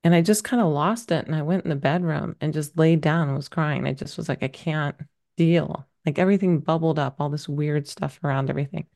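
A woman's voice: low voice, a little fast, creaky, darkish tone. A middle-aged woman talking as a podcast guest, telling a personal story candidly, rambling a little with many fillers. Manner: emotional, rambling, lots of fillers.

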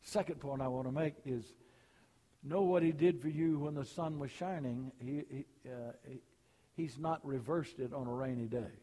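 An older man preaching a sermon, telling folksy personal stories and rising high and loud for punchlines. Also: normal speed, long reverb tail.

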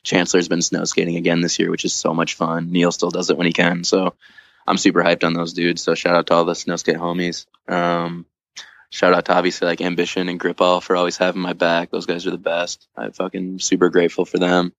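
Man, very low voice, creaky, casual podcast guest, rambling with fillers, swears and laughs. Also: monotone, a little fast, no room sound, highs cut off. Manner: loose, filler-heavy, swears often, laughs through funny parts. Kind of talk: casual storytelling chat.

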